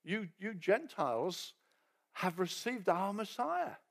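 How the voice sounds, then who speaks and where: A man's voice: high voice, very animated, slow, vocal fry, full character voice. A man preaching, voicing gushing early teachers who welcome newcomers in a raised voice. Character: eager, gushing early Jewish-Christian teachers, male.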